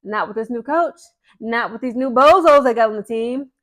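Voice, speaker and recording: Animated high-voiced woman vlogger. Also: normal speed. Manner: animated, chatty, slangy and emphatic. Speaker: sports vlogger. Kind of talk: casual opinion commentary to camera.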